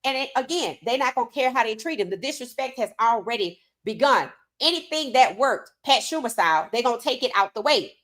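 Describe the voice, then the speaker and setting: Woman, sports podcast host, outspoken, casual live-stream talk, fairly high voice. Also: animated, a little fast, few pauses, fairly bright tone. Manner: outspoken, reads chat comments aloud.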